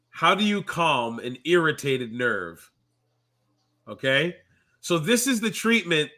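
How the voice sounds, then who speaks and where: A man's voice: a little high, pushed and bright. A young man co-hosting a casual basketball podcast, blunt and sarcastic, swearing freely. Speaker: podcast co-host.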